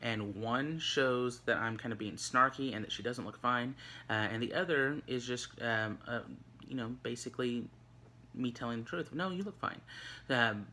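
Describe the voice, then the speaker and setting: A man's voice: medium pitch, sharp tone. A man teaching a recorded online lesson, talking in a loose, conversational way with lots of fillers and restarts. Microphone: recorded for an online video.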